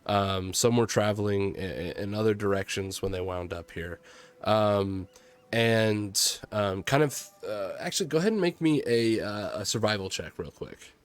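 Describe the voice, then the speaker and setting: A young man with a lowish voice runs a tabletop game as game master. He narrates with many pauses and fillers, laughing often.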